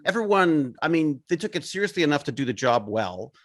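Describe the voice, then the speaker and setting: A man chatting casually as a cast member at a reunion, rambling and self-deprecating, with many halting restarts. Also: a little high, big pitch swings, a bit bright.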